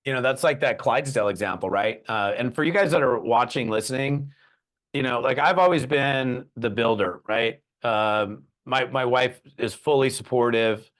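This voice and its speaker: Animated storytelling man hosting a podcast. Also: medium pitch, normal speed. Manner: animated storyteller who acts out quoted voices. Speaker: podcast host. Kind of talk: conversational interview.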